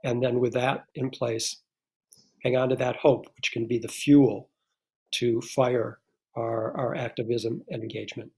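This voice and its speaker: A man's voice: mid-range voice, steady tone, measured pace, darkish tone. A man speaking as a guest on a live stream, earnestly building his points in rhetorical lists, like a short speech.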